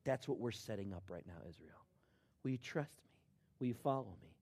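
A middle-aged man preaching a sermon, dropping to a hush and then rising to loud, emphatic shouts. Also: lowish voice, expressive, a little fast. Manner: swings from hushed to shouting in acted quotes. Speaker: pastor.

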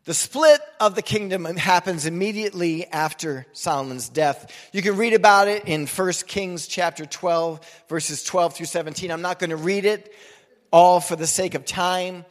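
High-voiced preacher in a reverberant hall. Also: male voice, normal speed. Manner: conversational, joking preacher. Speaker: pastor. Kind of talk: sermon.

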